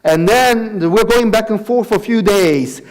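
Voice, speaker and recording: Brief: male missionary speaker, church testimony, slightly high voice, laughs through his story. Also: a little slow. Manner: storytelling, acts out dialogue, laughs often. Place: church sanctuary.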